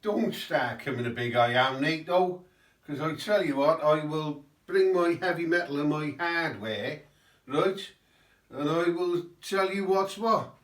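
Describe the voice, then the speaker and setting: A man's voice: fairly high pitch, a little slow, a bit bright, echoey room, far from the mic. A man voicing a defiant, threatening Putin in a Cardiff accent, as if talking with a roll-up cigarette in his mouth.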